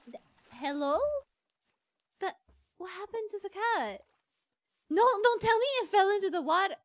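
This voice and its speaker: A woman streamer giving casual gameplay commentary, excitable and pleading as she coaxes a pet. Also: very high-pitched, measured pace, no echo, clean studio sound.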